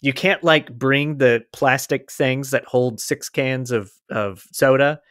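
A man co-hosting a casual podcast chat, chatty and quick to laugh. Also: medium pitch, fairly bright tone, no echo, clean studio sound. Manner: chatty, laughs easily, restarts. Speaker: podcast co-host. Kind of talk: casual chat, reading a quote aloud.

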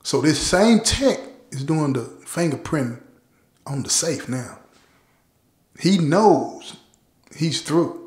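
A man's voice: fairly high pitch, expressive, slow pace, long pauses, darkish tone. A man casually telling a true-crime story, talking straight to his listeners. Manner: conversational, addresses listeners directly. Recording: roomy echo.

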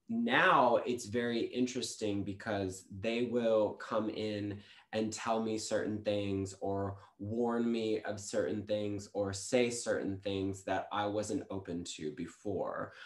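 A man who is a guest on a podcast, telling stories about his spiritual practice in a lively way and acting out quotes. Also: fairly low pitch, slow pace, roomy sound. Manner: animated storytelling, acts out quotes. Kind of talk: casual spiritual chat.

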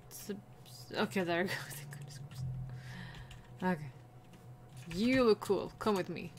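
Lady chatting slowly through a silly game, bursts of excited squeals. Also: lowish voice. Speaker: video game player. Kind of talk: playful gaming commentary.

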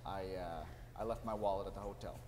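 A man's voice: sits low, steady tone, brisk, darkish tone, close to an everyday voice. A man acting live on stage as a desperate aging salesman who stammers, pleads and flares into anger. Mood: bitter. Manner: wheedling, stammering, bursts of anger. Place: theater stage. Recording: roomy hall, faint noise.

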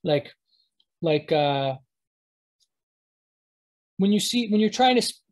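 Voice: medium pitch, expressive, rough recording. A teacher giving a live online lesson, talking at a computer mic while screen-sharing and often stopping to correct themselves. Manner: halting, self-correcting, thinks aloud.

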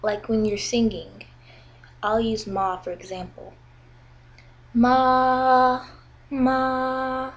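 A young woman giving a casual video lesson, drawing out example sounds slowly and carefully as a teacher. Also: mid-range voice, steady tone, poor audio. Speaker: language teacher.

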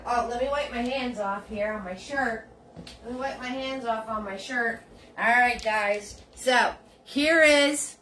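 A woman's voice: fairly high pitch, fairly bright tone. A woman leading a live painting tutorial, chatting with her viewers as she works. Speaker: painting instructor.

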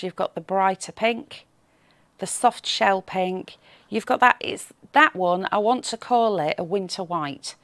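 A woman's voice: medium pitch, no room sound. A woman hosting a live craft shopping show, chatting and reading out viewer comments in a cheerful, teasing way, with a slight frog in her throat.

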